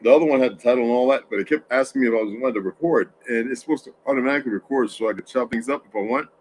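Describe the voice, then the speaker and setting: A man's voice: medium pitch, rapid-fire, a little mellow, a little hiss or hum, low-quality recording. A man hosting a casual livestream from home, tired and yawning, talking in a rambling way with many restarts and asides to chat. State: sleepy, yawning. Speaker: livestream host.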